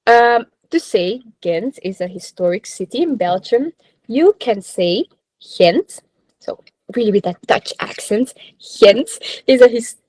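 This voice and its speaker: Chatty woman radio host, higher voice. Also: dry recording, poor audio. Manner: chatty, laughs often, sprinkles polite Filipino particles. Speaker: radio co-host teaching phrases. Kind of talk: live radio chat, reading comments and a language lesson.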